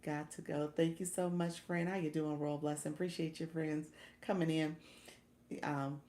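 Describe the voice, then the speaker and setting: A woman's voice: low-pitched, little pitch movement, moderate pace, dark tone, roomy sound. A woman coaching new livestreamers in a casual chat, laughing often and thanking viewers as she reads their comments.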